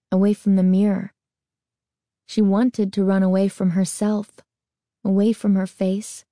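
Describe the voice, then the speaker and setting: A woman narrating a children's horror novel in a measured, deliberate reading. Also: medium pitch, warm tone, no room sound, studio quality. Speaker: audiobook narrator. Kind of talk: scripted narration.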